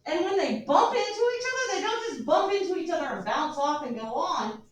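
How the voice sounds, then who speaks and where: A woman teacher lecturing her class, animated and joking with her students, recorded from a distance in a classroom. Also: very high-pitched, a little fast, slight background noise. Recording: echoey classroom from far off.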